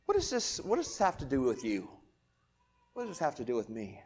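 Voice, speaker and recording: A man preaching a sermon in a casual, conversational way, asking rhetorical questions and swinging between loud emphatic lines and quiet ones. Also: mid-range voice, huge pitch swings, a little fast. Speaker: pastor.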